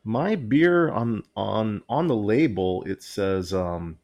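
A man's voice: lowish voice, expressive, slow, darkish tone. A man co-hosting a podcast in casual chat, rambling and often breaking into laughter mid-sentence. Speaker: podcast co-host.

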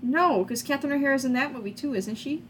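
A woman's voice: high voice, expressive, fast talker, slight background noise. A woman co-hosting a podcast, chatting casually and bluntly about a movie, swearing now and then. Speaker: podcast co-host. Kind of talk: casual movie review chat.

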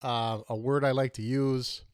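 A man's voice: mid-range voice, flat delivery, measured pace, darkish tone, clean tone, no room sound, studio quality. A man co-hosting a casual movie review chat, rambling and losing his words mid-sentence.

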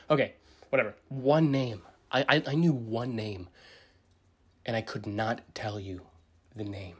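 A man's voice: a bit bright, husky. Rambling man acting out every quote. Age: 40s. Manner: rambling, self-mocking, full of fillers and restarts; acts out quotes with big pitch jumps. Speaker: podcast host. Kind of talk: casual solo monologue.

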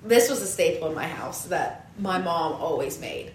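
A woman's voice: lowish voice, lively intonation, moderate pace, roomy sound, slight background noise, low-quality recording. A young woman co-hosting a casual chat, easygoing and giggly as she tells stories. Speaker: podcast co-host.

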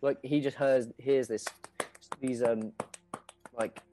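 A man's voice: mid-range voice, steady tone, slow, noisy background. A man narrating as game master in a casual, rambling way with lots of fillers. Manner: casual, filler-heavy, laughs often.

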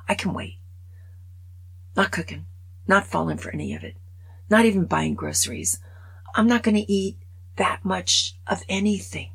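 Gravelly, husky older woman chatting. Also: on the low side, rough recording. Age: over 65. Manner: wry, chatty, self-mocking. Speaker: podcast host. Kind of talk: casual monologue.

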